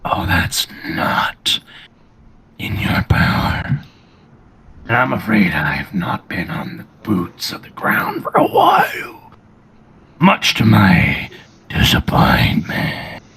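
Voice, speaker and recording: A man voicing a menacing armored male brute in a slow, deep, gravelly whisper. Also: wildly swooping pitch, fairly bright tone, exaggerated voice. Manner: slow, cold and measured.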